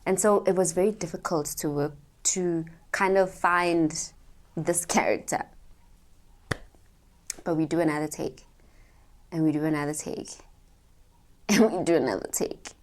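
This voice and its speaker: Young woman vlogger, low-ish pitch, animated and chatty, addresses the camera directly. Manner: animated, chatty, talks straight to viewers. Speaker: actor sharing advice. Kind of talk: casual vlog storytelling.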